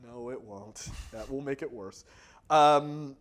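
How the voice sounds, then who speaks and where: A man's voice: mid-range voice, slow pace. A man co-hosting a casual movie-review podcast, rambling through tangents, laughing often and acting out other people's lines. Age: adult. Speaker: podcast co-host.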